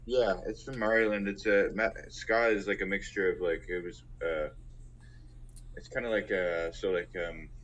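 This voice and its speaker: Low-voiced hesitant man. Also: steady tone, moderate pace, fairly bright tone, highs cut off. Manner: hesitant, full of fillers. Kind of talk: casual chat about music.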